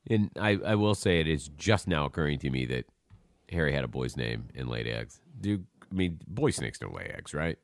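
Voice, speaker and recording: Animated, swearing man riffing on a movie. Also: very deep voice, fairly quick, no room sound, studio quality. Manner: animated, profane, ranting asides. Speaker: podcast co-host. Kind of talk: casual movie podcast chat.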